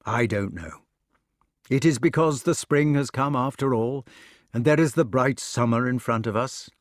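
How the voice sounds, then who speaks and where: A man's voice: medium pitch, normal speed, no room sound, clean studio sound, lightly acted. A man reading an audiobook, voicing an earnest, brooding knight who pleads with his love.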